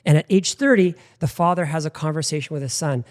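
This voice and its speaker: Middle-aged male talk host, chatty storyteller, voice sits a touch high. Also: quick pace. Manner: animated anecdotal storyteller with frequent "like". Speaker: podcast host. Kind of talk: casual interview storytelling.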